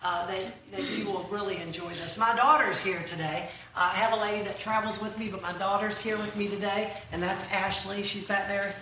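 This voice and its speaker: A middle-aged Christian comedic speaker tells folksy, punchline-driven jokes and quizzes her audience in a large church hall, talking a little fast with few pauses. Her medium-pitched voice stays steady, and the distant-mic recording is very echoey with room noise.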